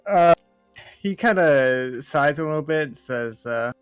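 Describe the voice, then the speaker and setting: A man's voice: on the high side, animated, a little slow, clean tone, dry recording, soft background music, poor audio. A young man narrating a tabletop game as dungeon master, laid-back and hesitant with many fillers.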